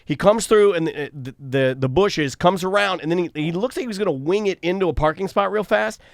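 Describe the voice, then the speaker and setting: Animated man telling a wild story. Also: high voice, a little fast, vocal fry, dry recording, studio quality. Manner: animated storytelling, shouts when reliving anger. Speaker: co-host. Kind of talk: casual chat. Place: studio.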